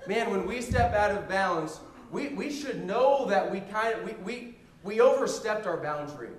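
A man giving a sermon built around a personal story, told in a humorous, animated way. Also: sits high, normal speed. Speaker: preacher. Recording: roomy echo.

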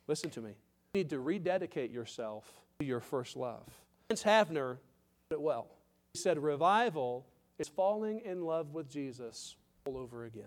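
High-voiced man preaching a sermon. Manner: emphatic preaching with repetitions and direct questions to the congregation. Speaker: pastor.

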